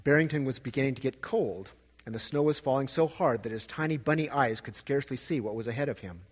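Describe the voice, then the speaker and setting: Storyteller, male, husky and gentle, long reverb behind. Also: medium pitch. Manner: gentle, expressive, slow at sad parts. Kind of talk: storybook reading.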